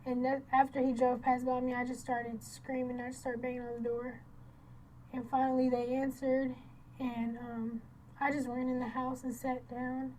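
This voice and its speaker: A woman recounting a violent attack in a halting, emotional first-person account, often repeating and restarting, her voice breaking toward tears at times. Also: sits high, level tone, darkish tone, a little hiss or hum, low-quality recording. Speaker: crime victim recounting an attack.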